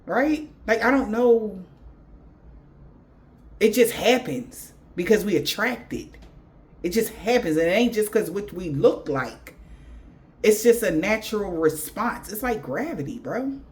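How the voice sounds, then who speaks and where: A woman's voice: mid-range voice, expressive, a little slow, a little mellow. A woman giving a spiritual reading in blunt, profane slang. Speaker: tarot reader.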